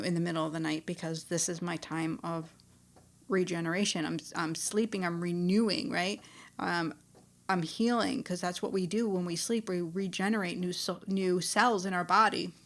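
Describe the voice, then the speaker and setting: Gravelly-voiced woman telling a spiritual story. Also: medium pitch. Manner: conversational, many restarts and fillers. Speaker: spiritual speaker. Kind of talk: personal storytelling talk.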